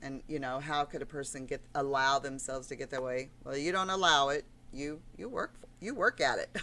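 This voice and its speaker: A woman's voice: a bass voice, moderate pace, fairly bright tone. A middle-aged woman ranting in a blunt, emotional, rambling vlog monologue. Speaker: vlogger.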